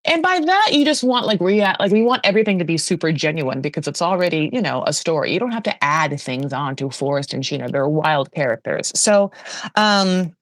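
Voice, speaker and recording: A woman hosting a podcast, recapping a reality show in a chatty, gossipy way with animated asides. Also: sits low, a little fast, dry recording, clean studio sound. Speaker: podcast host. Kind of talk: casual pop-culture recap.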